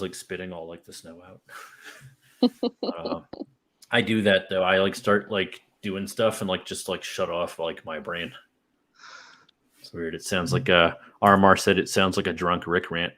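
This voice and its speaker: Young man, low-pitched voice, rambling casual chat, lots of fillers. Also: normal speed, pauses often, bright, forceful tone. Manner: rambling, filler-heavy storytelling with laughs. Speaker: podcast host.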